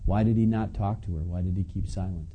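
A man's voice: low-pitched, steady tone, fast talker, phone-quality sound, a little hiss or hum. A man preaching a conversational sermon, reading scripture and adding casual asides to his listeners. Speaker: pastor. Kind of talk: sermon teaching.

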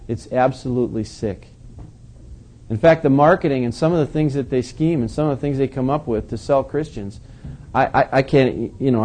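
Mellow-voiced male preacher, conversational. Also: medium pitch. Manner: conversational, questioning, emphatic. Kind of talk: sermon.

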